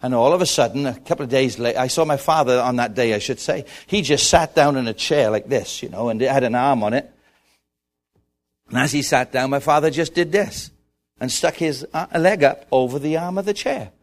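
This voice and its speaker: A middle-aged man preaching a sermon, telling stories with animated repetition. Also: medium pitch, fairly quick. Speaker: pastor.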